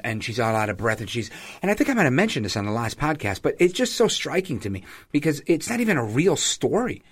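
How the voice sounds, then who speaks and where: A man talks through a political podcast monologue on his own, in a pitch squarely in the middle for a man. He keeps it animated and sarcastic, slipping into mocking voices as he acts out radio ads. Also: fast, husky. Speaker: podcast host.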